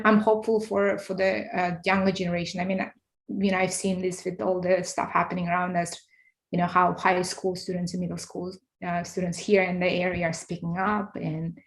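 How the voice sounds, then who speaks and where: A woman on a conference panel talks casually, leaning on fillers and asides. Her voice sits a little low and carries a gravelly fry. Her tone stays loose and conversational. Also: rough recording. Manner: casual, many fillers and rhetorical "right?".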